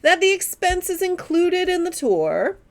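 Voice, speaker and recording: A woman's voice: very high-pitched, very animated, a little slow, voice pushed up, full character voice. A woman voicing a prim, disapproving, thrifty older woman on a tour.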